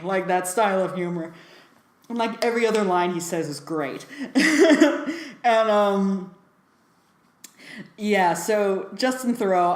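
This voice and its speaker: A woman's voice: medium pitch, echoey room. A woman giving a casual film review, talking chattily with lots of fillers and frequent laughs.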